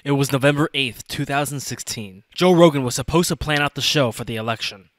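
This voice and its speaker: A man's voice: medium pitch, fairly quick, no echo. Man narrating a commentary, dry sound. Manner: even, explanatory voice-over delivery. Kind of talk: scripted narration.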